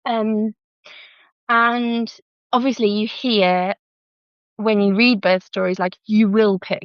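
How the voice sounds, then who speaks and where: A woman's voice: mid-range voice, slow pace, clean tone, no echo. A young British woman with a British English accent, a podcast guest telling her birth story in casual chat and acting out the lines other people said. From Britain. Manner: lively, re-enacts quoted dialogue with "I was like". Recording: slightly muffled, dry close mic.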